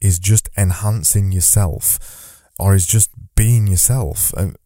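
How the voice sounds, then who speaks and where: A man hosts a solo podcast, speaking from notes into a studio microphone in a loose, conversational way and repeating phrases as he thinks aloud. His voice is low and dark-toned and he speaks slowly, with studio-quality sound and no echo.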